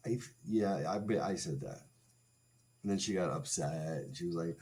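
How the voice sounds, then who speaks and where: A man's voice: low voice, moderate pace, a little mellow. A man in his forties, hosting a livestream, telling a crude comic story in a sarcastic, rambling way with self-mocking asides. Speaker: streamer host.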